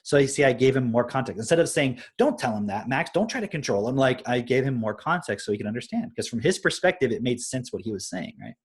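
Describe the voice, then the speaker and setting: A man's voice: mid-range voice, big pitch swings, fast, hardly any pauses, slightly rough. A young adult man on a live stream, casually explaining his parenting approach through stories and often checking in with "right?".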